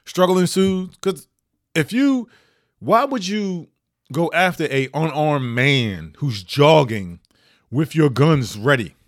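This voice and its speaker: A man hosting a podcast, giving opinionated year-end commentary with emphatic delivery and sudden high rises on stressed points. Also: animated, slow pace, no echo, clean studio sound. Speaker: podcast host.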